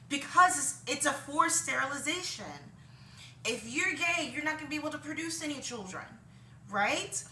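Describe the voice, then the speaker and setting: A woman's voice: high voice, sharp tone, slight background noise. A woman vlogging from her home, rambling through opinions with many ums and short laughs at herself. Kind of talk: casual opinion monologue. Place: home room with laundry behind her. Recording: roomy, distant from the mic.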